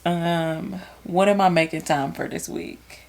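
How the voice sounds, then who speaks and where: A young woman with a lowish, gravelly voice chats casually as a podcast co-host. Her talk is relaxed and full of slang, and she laughs easily. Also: unhurried. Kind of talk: casual chat.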